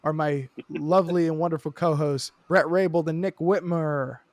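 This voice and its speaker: A man in his thirties co-hosts a comedy podcast, talking in a slightly high voice with mock-grand introductions and easy laughs. His voice is close and dry, with no room sound around it. The talk is loose, quick to joke, and full of asides. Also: fairly even intonation, dry recording. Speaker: podcast co-host. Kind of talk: casual comedic chat.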